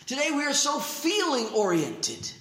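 A man preaching a sermon as pastor, swinging from emphatic declarations to hushed, slow asides. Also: extremely high pitch, huge pitch swings, roomy sound.

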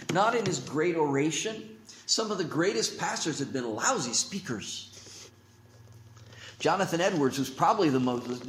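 A man preaching a sermon as pastor, swinging from emphatic declarations to hushed, slow asides. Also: on the high side, roomy sound, a little hiss or hum.

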